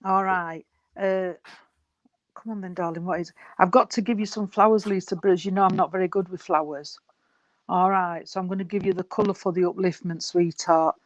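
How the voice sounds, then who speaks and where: A man's voice: sits high, fairly even intonation, brisk, no room sound, dull audio. A man giving spirit messages at a service, rambling and affectionate, calling people darling. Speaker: spiritualist medium.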